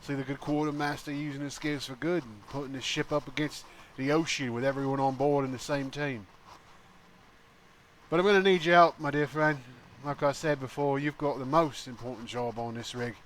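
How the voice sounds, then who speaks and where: A man's voice: mid-range voice, steady tone, normal speed, a bit bright, slight background noise, lightly acted. A man voicing an earnest male pirate who pleads with a friend in a heartfelt speech. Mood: pleading.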